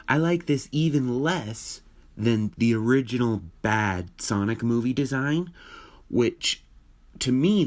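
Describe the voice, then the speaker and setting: Male video commentator, mid pitch, opinionated and thinking aloud, casual talk. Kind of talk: casual commentary on a film trailer.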